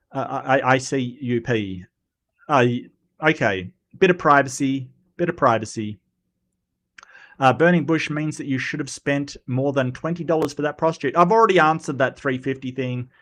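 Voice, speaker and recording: A man's voice: a little high, fairly bright tone. An Australian man from Western Australia hosting a casual livestream, rambling through opinions with many ums and restarts while he answers chat comments. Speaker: livestream host.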